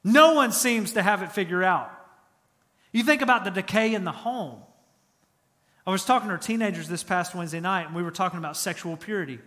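A man's voice: high voice, brisk, bright, forceful tone, big-room sound. A man preaching a sermon as pastor, speaking emphatically and repeating phrases for effect.

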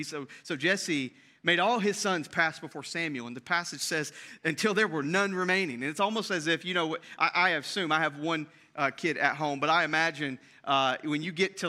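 A man preaching with a high, piercing bright voice. He talks to the congregation in an energetic, conversational way, restarting phrases as he goes. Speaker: pastor. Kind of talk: sermon.

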